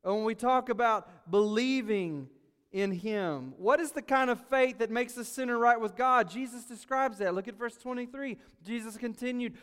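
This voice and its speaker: A man preaching a sermon as pastor, swinging between loud urgency and quiet asides. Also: extremely high pitch, normal speed, clear, resonant tone, in a large hall.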